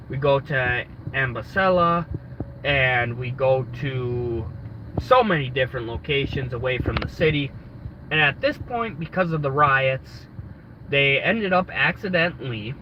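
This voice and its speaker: A man with a stuffy nose from a cold, telling a travel story in a casual, rambling live stream full of restarts. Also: mid-range voice. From United States. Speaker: travel vlogger. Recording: dull lo-fi audio with faint background noise.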